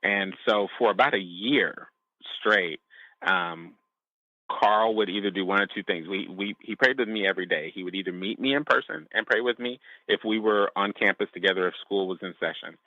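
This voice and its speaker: A man sharing a personal testimony as a podcast guest, speaking in a halting, reflective way with frequent restarts. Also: lowish voice, dry recording, narrow, tinny audio.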